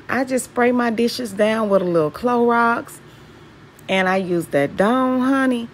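A woman's voice: mid-range voice, slight background noise. A woman from Mississippi with a Southern accent, chatting casually to her viewers while she cleans her kitchen and asking them questions. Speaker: home vlogger. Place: home kitchen.

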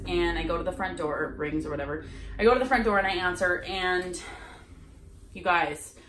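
A woman vlogging from her home office, telling a sales story in a lively way and acting out the people she quotes. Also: lowish voice, reverberant. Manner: animated, acts out quoted lines. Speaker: sales coach. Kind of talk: casual storytelling vlog.

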